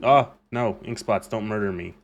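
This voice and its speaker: A man's voice: lowish voice, normal speed, soft background music. A man streaming a game, ranting casually with lots of swearing and rambling restarts. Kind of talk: casual live gameplay commentary.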